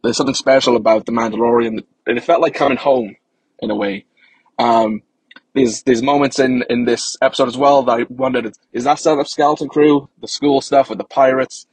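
Husky man giving an earnest review. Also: mid-range voice, fairly even intonation, fairly quick, dry recording, rough recording. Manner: earnest, hesitant with fillers.

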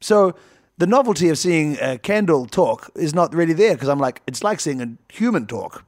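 A man's voice: a little high, lively intonation, moderate pace, no room sound, clean studio sound. A man co-hosting a casual comedy podcast, rambling and joking and laughing often. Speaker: podcast co-host.

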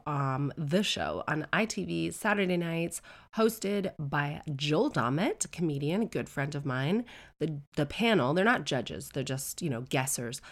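A woman in her thirties telling a chatty, self-deprecating personal story full of comic digressions. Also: low-pitched. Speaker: celebrity storyteller.

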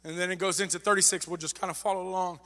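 High, bright-voiced preaching man. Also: flat delivery, rapid-fire. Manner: fervent preaching, repeats phrases for emphasis. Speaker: pastor. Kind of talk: sermon. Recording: long reverb of a large hall.

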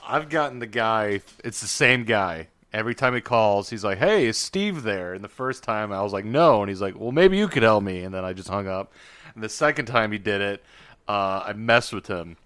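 A man's voice: lowish voice, brisk, clear, resonant tone, dry recording, studio quality. A young man on a casual podcast, animatedly telling how he messed with a caller. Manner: animated telling of a prank call. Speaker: podcast co-host. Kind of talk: casual chat.

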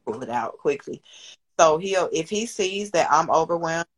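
In a candid podcast conversation, a woman in her thirties, a business owner and single mother, talks at length as a guest, swearing freely and getting emotional. Her voice is low-pitched and animated at a moderate pace, though the audio is poor.

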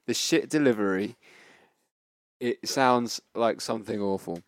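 A man's voice: lowish voice, a little slow, no echo. A man co-hosting a casual film review podcast, making dry, matter-of-fact remarks. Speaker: podcast co-host.

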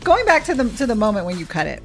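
A woman's voice: mid-range voice, big pitch swings, rapid-fire, soft background music. A woman hosting an interview, asking her guest probing questions. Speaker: podcast host.

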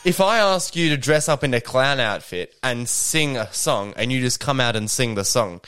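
A man's voice: mid-range voice, lively intonation, normal speed, a bit bright, smooth. A man co-hosting a podcast in casual chat, joking and laughing often. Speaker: podcast co-host.

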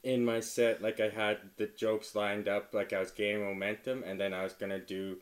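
Brief: casual comedian guy, filler-heavy, laughs through his story, dips quiet then bursts loud. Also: moderate pace. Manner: laughs often, many "like" fillers, swings from low mumble to loud excited retelling. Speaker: stand-up comedian.

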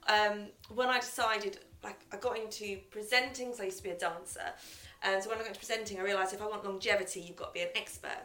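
Bright-voiced chatty woman. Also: mid-range voice, fairly even intonation, fast. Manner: chatty, laughing, sprinkled with 'um' and 'like'. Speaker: sports presenter guest. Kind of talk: casual podcast chat. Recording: echoey room.

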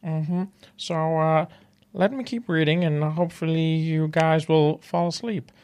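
A man doing an impression of a gentle male frog puppet, telling a slow, soft bedtime story full of hums. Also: on the high side, steady tone, clear, resonant tone. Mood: sleepy, soothing. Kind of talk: impression game.

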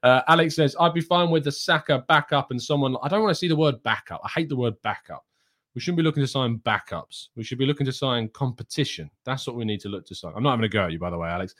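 A man's voice: medium pitch, quick pace, fairly bright tone. Guy hosting a live q&a, reads out chat questions, gets ranty and opinionated, keeps restarting sentences. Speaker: host.

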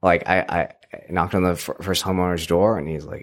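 A young man telling a story in casual chat, rambling with many restarts and frequent laughs. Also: sits low. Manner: rambling, halting, laughs often. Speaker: podcast guest. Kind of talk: casual conversation.

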